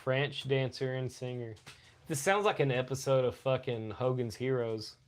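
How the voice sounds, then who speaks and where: A man co-hosting a casual podcast, crude and joking, with frequent profanity and loud bursts. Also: mid-range voice, moderate pace. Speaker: podcast co-host.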